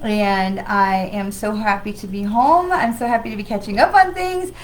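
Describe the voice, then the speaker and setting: A woman's voice: medium pitch, moderate pace, poor audio. A woman hosting a weekly livestream as a psychic medium, talking in a chatty, rambling, enthusiastic way with an occasional cough from travel. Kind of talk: casual livestream talk.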